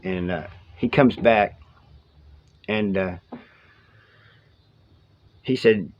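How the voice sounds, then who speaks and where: A man's voice: on the low side, extremely slow, pauses often. A man who served time telling his prison stories in a casual, rambling way, full of slang, acting out the lines of the people he talks about. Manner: rambling, colloquial, quotes others in dialogue. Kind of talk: casual storytelling to camera. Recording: slightly dull lo-fi audio.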